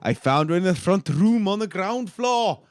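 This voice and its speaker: A man's voice: sits high, expressive, moderate pace. A man putting on a mock-Welsh Victorian storyteller. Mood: mock-dramatic. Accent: put-on Welsh. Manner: mock-earnest reading-aloud voice. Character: Victorian male steward recounting finding a body.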